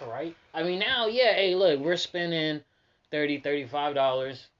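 A man in his thirties chatting casually as a podcast co-host, telling stories in an animated, profane way. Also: fairly high pitch, normal speed. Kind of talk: casual chat. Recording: dull lo-fi recording.

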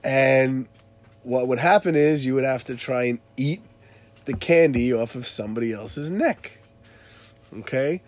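A man casually recounting a funny party story to a friend, animated and laughing as he tells it. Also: mid-range voice, measured pace. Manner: animated, laughing retelling with quoted voices. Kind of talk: casual chat.

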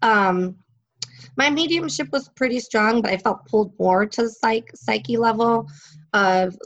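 A woman's voice: fairly high pitch, measured pace, muffled recording. A woman psychic in an interview, telling stories in a chatty way, laughing often and using many fillers. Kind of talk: casual interview storytelling.

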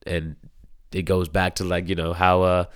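A man's voice: low-pitched, level tone, moderate pace, clean tone, no room sound, clean studio sound. A man in his thirties chatting casually about a show, rambling with lots of fillers and restarts. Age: 30s. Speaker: show reviewer. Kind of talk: casual chat.

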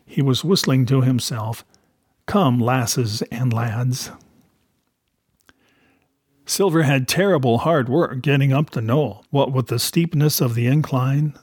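A man reads a novel aloud at a steady, measured pace, his voice mid-pitched and ordinary for a man. The recording is dry and close, with no room around it. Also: husky, no room sound. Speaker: reader.

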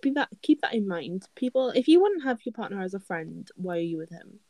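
A woman's voice: medium pitch, very animated, brisk, warm tone, no room sound, poor audio. A young woman, chatting casually as an advice co-host and using lots of "like" fillers. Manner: chatty, filler-heavy, laughs often. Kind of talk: casual chat.

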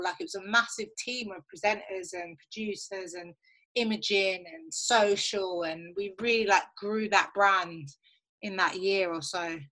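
A woman's voice: medium pitch, sharp tone, low-quality recording. A young woman who works as a radio producer and presenter, answering interview questions in a chatty, upbeat way with lots of fillers.

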